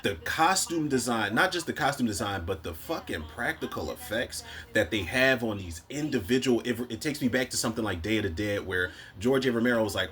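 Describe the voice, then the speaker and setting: A man's voice: mid-range voice, lively intonation, brisk, a bit bright. A man with a Philadelphia accent giving a casual, rambling movie review, full of slang and swearing, quoting lines from the films as he goes.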